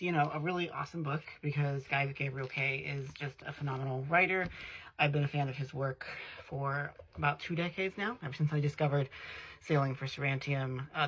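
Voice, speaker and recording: A man's voice: on the high side, bright, forceful tone, dull audio. A man hosting a casual book review, talking in a rambling way with many fillers and self-corrections. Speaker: host.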